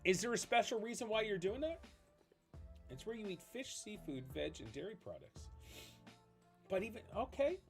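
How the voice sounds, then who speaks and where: A man's voice: sits high, very animated, moderate pace, long pauses, faint music behind. A man streaming a game, chatting casually with his viewers, enthusiastic and rambling, reading their questions aloud. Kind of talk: casual chat with live viewers while gaming.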